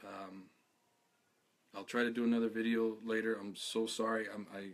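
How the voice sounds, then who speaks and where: An activist, worn out, addresses his followers over a live video, stammering and halting as he repeats himself with earnest, heartfelt conviction. His voice sits on the low side and barely moves in pitch.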